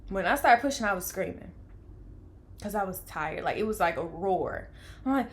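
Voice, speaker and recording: Speaking at normal speed in a mid-pitched voice, a young vlogger recounts giving birth in a lively, casual way. She performs quoted lines from those around her, and her volume shifts from loud to hushed, nearly whispering when she seems exhausted.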